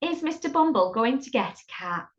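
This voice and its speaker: A woman storyteller reads a picture book aloud to children, chatty and playful, pausing to ask the listener questions. Her voice is a little high with big pitch swings at a moderate pace, captured in a dull lo-fi recording.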